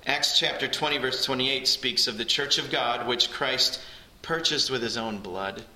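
Man, pastor, sermon, earnest emphasis, very bright tone, roomy church echo. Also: medium pitch, a little slow. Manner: earnest, rising emphasis on key phrases. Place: church sanctuary. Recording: echoey church hall.

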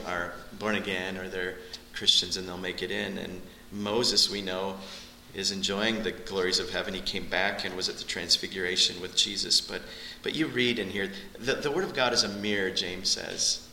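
A man teaching through a Bible passage with a very bright, forceful tone. His delivery is animated, rising sharply in pitch when he drives a point home. The room around him rings with echo, and a faint hiss sits underneath. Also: normal speed, hardly any pauses. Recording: echoey room.

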